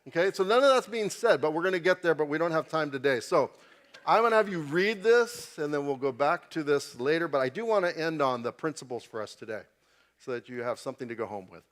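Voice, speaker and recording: Man, Bible class teacher, informal church lesson, chatty, keeps checking in with the class, slightly high voice. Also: expressive, brisk, fairly bright tone.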